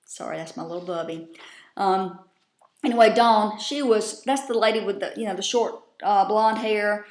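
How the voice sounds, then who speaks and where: A woman's voice: medium pitch, moderate pace, reverberant. A woman casually recapping a TV episode, salty and profane, with drawling asides, at home. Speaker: vlogger recapping a TV show.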